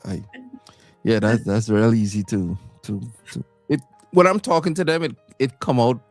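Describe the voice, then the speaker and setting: A man's voice: medium pitch, animated, normal speed, no echo, soft background music. Easygoing man from Trinidad. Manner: easygoing, laughs often, repeats words while thinking. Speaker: co-host, singer. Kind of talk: casual live-stream chat.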